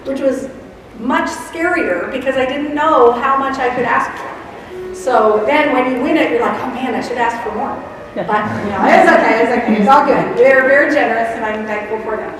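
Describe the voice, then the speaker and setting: A woman teacher librarian giving a chatty conference presentation with laughing asides. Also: on the high side. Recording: echoey hall from far off.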